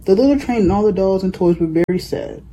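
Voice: medium pitch, lively intonation, fast talker, mellow, slight background noise. A reader reading a children's picture book aloud, plainly and with small slips. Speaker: storybook reader.

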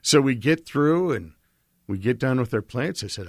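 A man's voice: mid-range voice, lively intonation, moderate pace, slightly rough, no room sound, clean studio sound. A man telling a long, rambling personal travel story in casual chat, with lots of restarts.

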